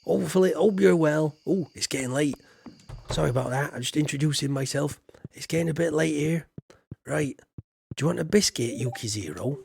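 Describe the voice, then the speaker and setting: A Yorkshire man streams a farming game and banters with his chat in a loose, joking way. His voice is gravelly with a husky, rough edge. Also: a little high, brisk, dry recording, studio quality. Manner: chatty, jokey, banters with chat, slips into put-on voices.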